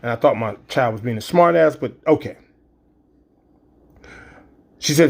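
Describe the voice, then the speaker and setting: A man's voice: medium pitch, expressive, measured pace, gravelly, long pauses, darkish tone. Man telling a story with sound effects. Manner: vivid, with sound effects and quoted dialogue. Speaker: storyteller and poet. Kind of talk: spoken-word storytelling.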